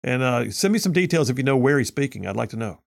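A man's voice: mid-range voice, animated, quick pace, creaky. A man hosting a conservative talk radio show, reading listener messages aloud and giving blunt, opinionated commentary with frequent restarts.

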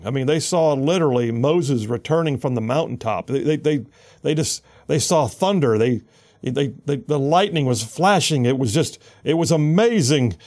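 A man hosting a conservative talk radio show, delivering an animated, sarcastic opinion monologue with lots of repetition. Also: medium pitch.

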